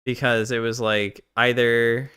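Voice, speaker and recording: A man's voice: medium pitch, level tone, a little slow, sharp tone, clean tone. A man reacting on a live stream, blunt and profane, rambling and often restarting his sentences.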